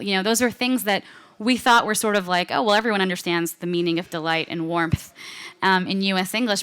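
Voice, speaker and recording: A woman's voice: medium pitch, bright, forceful tone, clean tone. A woman giving a conference presentation in a casual, chatty way, often saying "like" and "you know". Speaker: conference speaker. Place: conference stage.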